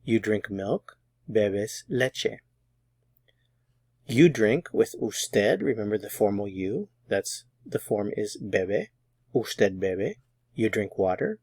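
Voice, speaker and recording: A man teaching a Spanish grammar lesson, explaining patiently and methodically, slowing down to model example phrases. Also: on the low side, animated, a little mellow, no room sound, clean studio sound.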